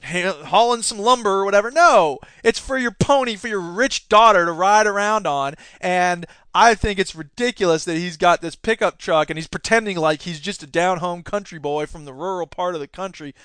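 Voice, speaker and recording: A man's voice: sits high, normal speed, few pauses, fairly bright tone, clean tone, dry recording. A man hosting a casual political podcast, sarcastic and indignant, laughing at his own jokes as he rants. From Wisconsin. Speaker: podcast host; teacher union member.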